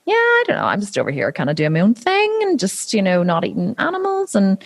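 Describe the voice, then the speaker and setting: Fast-talking animated woman. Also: mid-range voice, creaky. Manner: animated storyteller, acts out quoted voices, swears freely. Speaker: podcast host being interviewed. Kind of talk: casual conversational interview.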